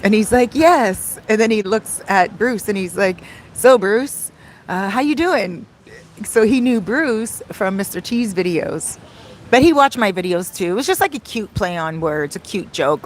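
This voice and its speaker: A woman's voice: mid-range voice, lively intonation, moderate pace, a little hiss or hum. A woman vlogging into her phone in a casual, rambling way, telling a story with frequent laughs and digressions. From Canada. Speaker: travel vlogger and soul coach. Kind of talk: casual chatty vlog storytelling.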